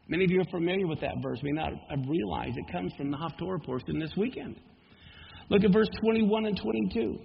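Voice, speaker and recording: Gravelly guy preaching off scripture, slow readings that swell up loud, dull radio sound with long reverb. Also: high-pitched, expressive, slight background noise. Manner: reads scripture aloud slowly, rising to emphatic proclamation. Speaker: Messianic Bible teacher. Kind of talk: sermon.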